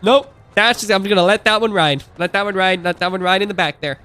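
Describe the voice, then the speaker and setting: Bright, clear-voiced chatty male streamer. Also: high-pitched, fast, soft background music. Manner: chatty, laughs often, rambling asides. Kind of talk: casual live-stream chat.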